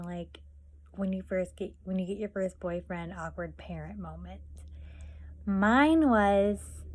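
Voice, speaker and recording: A woman's voice: mid-range voice, darkish tone. A young woman vlogging, telling family stories in a chatty way full of fillers and acted-out quotes. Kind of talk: casual storytelling.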